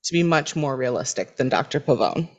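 A woman's voice: very deep voice, lively intonation, a little fast. A woman co-hosting a podcast, thinking aloud in casual chat about a TV episode. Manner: reflective, thinks aloud with fillers. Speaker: podcast co-host.

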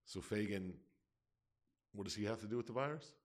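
A man's voice: fairly low pitch, brisk. A man co-hosting a casual podcast, joking, asking many questions and mimicking characters in quoted voices. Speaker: podcast co-host. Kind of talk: casual chat.

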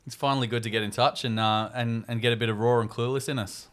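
An Australian man hosts a podcast in loose, matey banter, full of casual swearing and teasing. His voice is bright and clear-toned, and his pitch sits in an ordinary middle range. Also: fairly even intonation, quick pace. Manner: laid-back banter, swears and laughs often. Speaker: podcast host.

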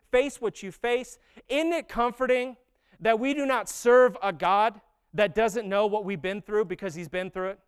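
A man with a very high, smooth and clear voice preaches a sermon to his church. He moves between easy, chatty storytelling and slow, emphatic lines that press each point home. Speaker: pastor.

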